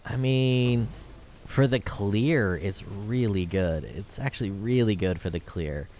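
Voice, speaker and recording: A man's voice: on the low side, slow pace, darkish tone, a little hiss or hum. A man giving casual gameplay commentary, thinking aloud as he plays and rambling into jokes with the odd curse. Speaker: gameplay video creator.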